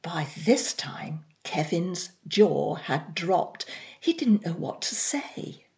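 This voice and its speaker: A woman reading a story aloud in a measured, plain storytelling manner. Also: fairly low pitch, big pitch swings, a little mellow, in a whisper. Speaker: reader. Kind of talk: audiobook narration.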